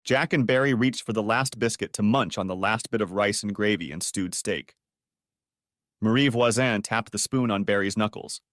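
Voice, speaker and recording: A man narrating an audiobook story with expressive storytelling. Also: lowish voice, normal speed, dry recording, clean studio sound.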